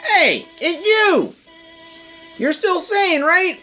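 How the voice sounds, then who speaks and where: A man voicing an anxious, earnest young woman fighter from a video game in a strained falsetto. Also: sing-song, very slow, sharp tone, faint music behind, heavily acted. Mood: pleading.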